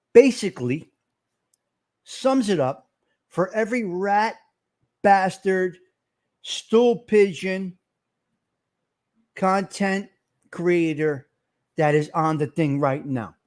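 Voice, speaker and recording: A man hosting a casual livestream, talking loud, profane and fired-up. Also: high voice. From Italian-American. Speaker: livestream host.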